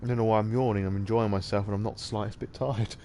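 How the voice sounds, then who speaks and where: A man's voice: lowish voice, fairly even intonation, fast, mellow, slight background noise. A man hosting a live-streamed read-through of a story game, narrating and dropping casual asides. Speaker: podcast host.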